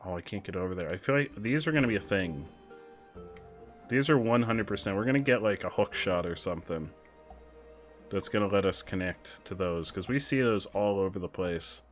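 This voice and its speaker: Man, streamer, casual gameplay chat, excitable, quick asides, faint game music behind. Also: sits low.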